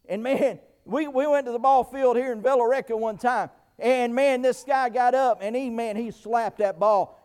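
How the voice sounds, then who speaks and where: A middle-aged man preaching a sermon, full of amens, stammered restarts and sudden shouts, pausing short of breath. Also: extremely high pitch, smooth. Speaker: pastor.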